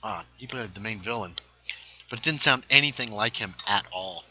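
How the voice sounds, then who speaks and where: A middle-aged man hosting a game livestream, yelling at enemies and chatting casually. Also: lowish voice, normal speed, slightly rough, dull audio. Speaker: livestream host. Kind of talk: casual gameplay commentary.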